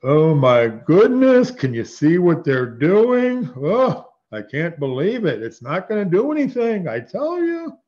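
A man's voice: sits high, wildly swooping pitch, measured pace, few pauses, darkish tone, highs cut off, voice pushed up, full character voice. A man voicing God as an amused old man who mocks, with a Brooklyn accent and incredulous exclamations. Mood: amused mockery.

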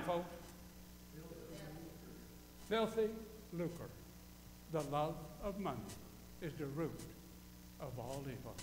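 A man's voice: on the high side, animated, takes it slowly, pauses often, echoey room, long reverb tail, noisy background. A male pastor preaching a folksy sermon, quizzing his congregation and repeating key phrases for emphasis. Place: church sanctuary.

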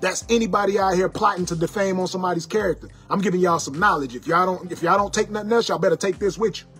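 A man's voice: high-pitched, fast talker, a bit bright, slightly rough, faint music behind. A man angrily lecturing his viewers, repeating his warnings like a sermon. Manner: angry, repetitive, sermon-like warnings. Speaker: internet personality ranting to viewers. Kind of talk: angry preachy monologue.

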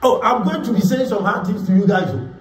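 A man's voice: high-pitched, fast. A man preaching a sermon as pastor, emphatic, repeating words and acting out quotes. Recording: echoey room, voice from far off.

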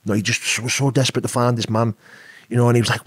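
A man's voice: mid-range voice, fairly even intonation, racing, husky, dry recording, clean studio sound. A British man telling a personal story as a podcast guest, rambling and casual, often saying "you know what I mean". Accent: British English. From Britain. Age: adult with an eleven-year-old son.

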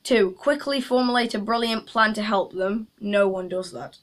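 A woman's voice: medium pitch, moderate pace. A young woman chatting casually in a vlog, making jokey asides to viewers. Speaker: YouTuber.

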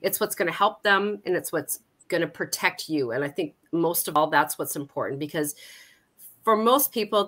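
A middle-aged woman from Canada talks as an interview guest, sharing a personal story in a candid, unpolished way. Her voice sits slightly low yet sounds bright and forward, and she often backs up and restarts her sentences. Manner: candid, personal storytelling with frequent self-corrections. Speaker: guest, Alzheimer's support coordinator. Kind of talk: conversational interview.

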